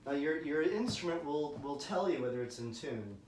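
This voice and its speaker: A man's voice: a little high, expressive, moderate pace, loud music behind the voice. A man teaching viola, coaching a student encouragingly and singing out phrases on "da" syllables. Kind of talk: music lesson coaching. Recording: roomy, mic at a distance, loud viola playing.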